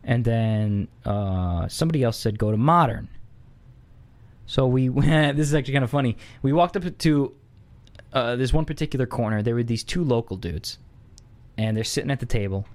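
A man casually telling a comedic anecdote, conversational with many fillers and asides, getting louder and higher as the story heats up. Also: fairly quick. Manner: animated, rising excitedly when impersonating locals.

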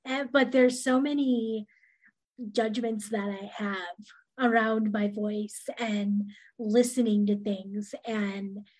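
A woman podcast host with a soft, soothing voice who speaks hesitantly and uses many fillers. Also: mid-range voice, fairly even intonation, slow. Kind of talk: podcast interview conversation.

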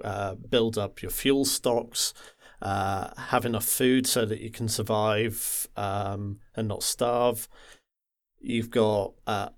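A fairly low-pitched man from the Wirral in England co-hosts a podcast, chatting casually about a game. He rambles, with lots of pauses and filler sounds.

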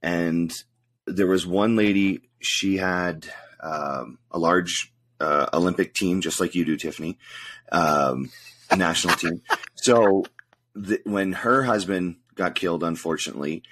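A man as a guest in a casual conversation, measured and reflective. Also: sits low, a bit bright.

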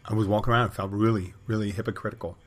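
A man's voice: fairly low pitch, fairly even intonation, racing. A middle-aged man hosting a podcast, telling wry, crude, rambling stories in a casual monologue. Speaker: podcast host.

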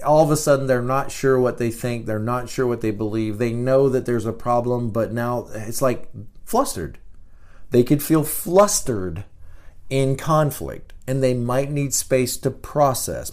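Animated man teaching casually. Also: mid-range voice. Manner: animated, repeats words and restarts. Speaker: podcast host.

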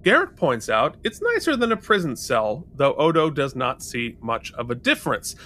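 A man's voice: medium pitch, normal speed, a little hiss or hum. A man co-hosting a podcast, casually recapping and reviewing a television episode, quoting lines as he goes. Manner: animated, recapping scenes with quoted lines. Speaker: podcast co-host. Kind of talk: casual chat.

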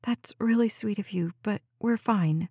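Lady reading a nervous young woman, stammery, mellow dark voice, dry close sound. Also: medium pitch, unhurried, breathy edge, no room sound. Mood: quietly steady. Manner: stammering, hesitant. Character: nervous young woman caring for her little brother.

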